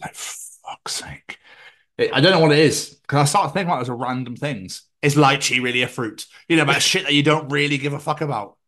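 A man's voice: a little high, fast, few pauses, fairly bright tone. A man with a British accent hosting a podcast, rambling casually, swearing and acting out silly bits. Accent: British English. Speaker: podcast host. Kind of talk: casual chat.

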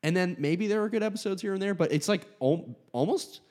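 Lively, wry young man. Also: sits high, a little fast. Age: 20s. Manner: lively, wry, hedging with fillers. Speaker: podcast co-host. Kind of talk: casual chat.

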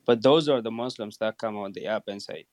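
A man calling in to a talk show, telling a story in a halting way with restarts. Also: fairly low pitch, no echo. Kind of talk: casual call-in chat.

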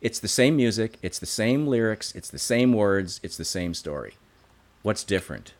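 A man with a lowish voice talks casually as a guest about running shows. He is animated and keeps restarting sentences, reaching for analogies as he goes. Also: normal speed. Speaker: guest, live event producer. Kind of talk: casual interview chat.

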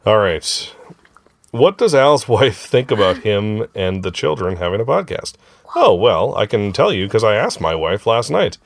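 A man's voice: fairly low pitch, sing-song, unhurried, vocal fry, no room sound, studio quality. A middle-aged man hosting a casual family podcast with his kids, laughing often and joking loosely. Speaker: podcast host and father.

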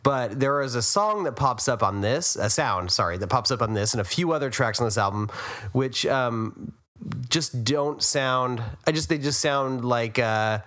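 A man hosting a music podcast who chats easily, speaks to the listeners as fans and thinks out loud. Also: medium pitch, expressive, moderate pace. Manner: chatty, addresses the listeners as fans. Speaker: podcast host. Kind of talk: casual podcast chat about music.

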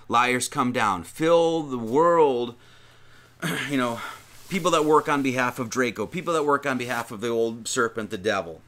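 Bright-voiced man preaching casually. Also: medium pitch, animated, moderate pace. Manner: conversational, with many restarts and emphatic lists. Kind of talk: informal sermon reading and commenting on scripture.

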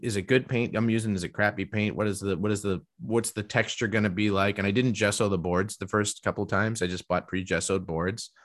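A man's voice: lowish voice, steady tone, a little fast, few pauses. A middle-aged man hosting a casual conversation, talking enthusiastically in long rambling runs with frequent restarts. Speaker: podcast host and professional artist.

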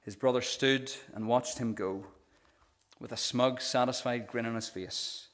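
A male pastor earnestly delivers a sermon, retelling a parable in a storytelling manner. His medium-pitched voice is steady and unhurried, and he often repeats the first sounds as he starts phrases, producing frequent stammered restarts.

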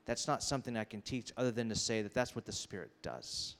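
A male pastor preaching a sermon, animated and conversational, acting out the people in his stories with quick asides. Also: lowish voice. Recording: long reverb of a large hall.

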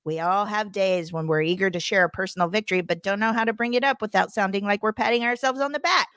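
A woman's voice: mid-range voice, fast, dry recording. Laughing woman podcaster with a dry, close voice. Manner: expressive, laughs often, reads from a script. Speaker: podcast co-host. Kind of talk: casual chat and reading a rant. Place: home recording room.

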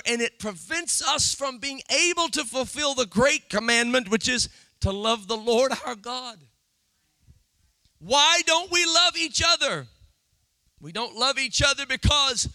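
A man preaching a sermon, swinging from shouted, drawn-out emphasis to low, quiet asides. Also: no room sound.

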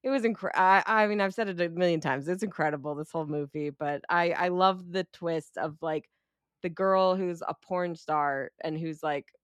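A woman's voice: fairly low pitch, normal speed, smooth, dry recording, studio quality. A woman co-hosting a podcast in casual chat, candid, enthusiastic and swearing freely. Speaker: podcast co-host.

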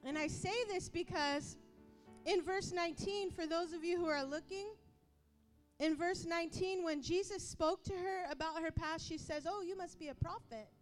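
A woman preaching a sermon with passion, acting out quoted voices and rising to yelling at times. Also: extremely high pitch, fairly even intonation, moderate pace, faint music behind.

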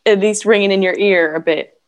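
An Irish woman from Galway talking as a guest in a casual interview. She is animated and giggly, quick to laugh, with a mid-pitched, everyday voice. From Galway, Ireland. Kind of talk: casual chat.

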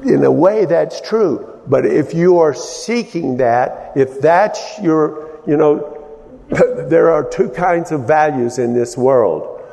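A man preaching a Bible-teaching sermon, explaining in a halting way with many restarts and fillers. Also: on the high side, expressive, gravelly, dark tone, long reverb tail.

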